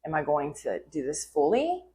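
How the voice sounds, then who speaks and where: A woman's voice: sits low, huge pitch swings, moderate pace, dark tone. A woman guest, a foster mother, speaking earnestly and thoughtfully in a casual interview.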